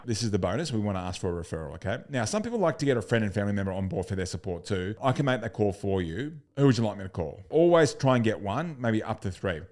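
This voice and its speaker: A man coaching sales in a recorded lesson, blunt and upbeat, swearing casually and acting out customer calls. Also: on the low side.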